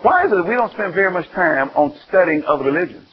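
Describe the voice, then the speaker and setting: A man from Alabama, preaching an animated sermon full of questions to his listeners. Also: high-pitched, fast talker. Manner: animated, call-and-response, exclaiming. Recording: dull lo-fi sound.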